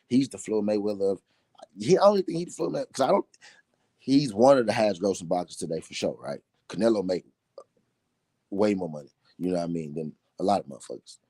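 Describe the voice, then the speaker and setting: Deep-voiced man talking boxing, casual. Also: warm tone, no echo. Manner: informal, profane, repeats "you know what I mean" and "right"; reads and answers chat comments. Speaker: boxing talk show host. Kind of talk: casual live-stream commentary.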